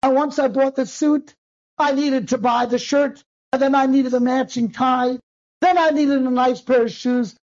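A man, a rabbi, telling a personal story to an audience and acting out the dialogue in quick, animated bursts. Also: very high-pitched. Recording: dull lo-fi recording.

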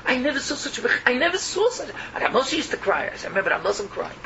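Impassioned high-pitched male preacher. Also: big pitch swings, fast, vocal fry. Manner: emotional, repetitive, swings between cries and murmurs. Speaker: rabbi. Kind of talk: Yiddish-laced sermon. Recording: muffled lo-fi recording with background noise.

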